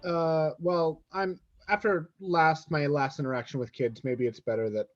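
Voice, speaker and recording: A man's voice: fairly high pitch, fairly even intonation, normal speed, faint music behind. A man playing a tabletop game who speaks hesitantly and often restarts his sentences. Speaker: player. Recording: dull lo-fi audio.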